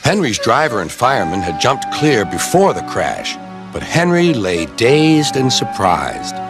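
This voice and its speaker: Lively male storybook narrator over music. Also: unhurried. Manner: lively, jumps high for characters' cries. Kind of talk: storybook narration with character voices. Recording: music playing behind.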